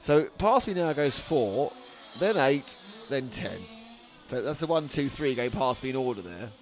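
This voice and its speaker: A man's voice: medium pitch, big pitch swings, a little slow, faint music behind. A man giving live trackside race commentary with dry, sarcastic humor.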